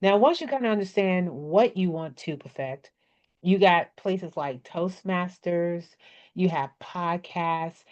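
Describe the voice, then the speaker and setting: A woman's voice: lowish voice, lively intonation, slow pace, darkish tone. A woman with a slight country twang teaching speaking skills in a casual, coaching way, often checking in with her listeners. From Maryland area. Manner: chatty, coaching, checks in with "okay? right?". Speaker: business speaking presenter. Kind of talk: casual workshop talk. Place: indoors at a computer. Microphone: desk microphone with webcam. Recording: dull lo-fi sound.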